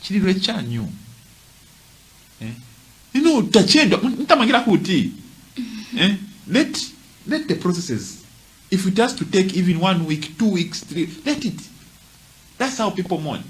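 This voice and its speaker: A man's voice: high voice, very animated, unhurried, long pauses. A man giving emphatic, impassioned commentary, repeating his points and throwing in rhetorical asides. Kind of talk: impassioned commentary, mixing languages.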